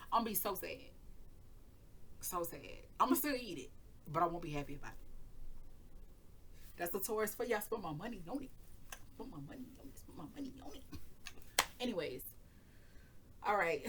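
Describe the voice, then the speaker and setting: A woman's voice: lowish voice, fairly bright tone, a little hiss or hum. A woman hosting her channel, telling a rambling personal story in casual chat, laughing often and cursing freely. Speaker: tarot reading channel host.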